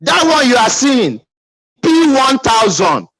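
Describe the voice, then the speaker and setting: Emphatic Nigerian man, lively high voice. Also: slow, no room sound, poor audio. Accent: Nigerian English. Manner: emphatic, calls for audience responses. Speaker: business team leader. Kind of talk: motivational pep talk.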